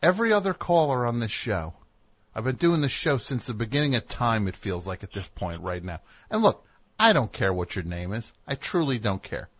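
A man hosting a call-in radio show, teasing a caller in excitable, triumphant banter. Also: medium pitch, normal speed, no room sound.

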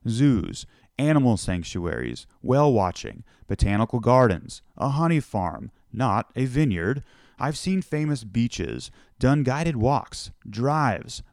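A man's voice: mid-range voice, darkish tone, no room sound, studio quality. A man from the United States hosting a podcast, telling a personal story in a reflective, conversational way. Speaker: podcast host.

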